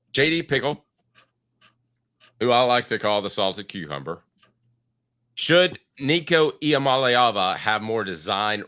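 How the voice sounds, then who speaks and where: A man's voice: on the low side, bright, forceful tone. Congested man hosting sports talk. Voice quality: froggy voice. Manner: opinionated, emphatic. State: congested from allergies. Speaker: sports podcast host.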